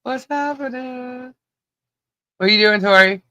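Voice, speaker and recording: A podcast co-host with a hoarse voice, cheerfully greeting viewers one by one on a live stream. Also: sits high, a little slow, bright, forceful tone, no room sound. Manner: giddy, laughing, greets viewers by name.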